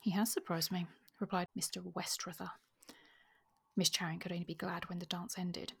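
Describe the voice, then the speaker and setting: A woman co-hosting a podcast, discussing a novel and reading passages aloud in a measured way. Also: lowish voice, gravelly, breathy edge. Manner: reads passages in a measured, even way. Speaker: podcast co-host. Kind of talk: casual book chat with reading aloud.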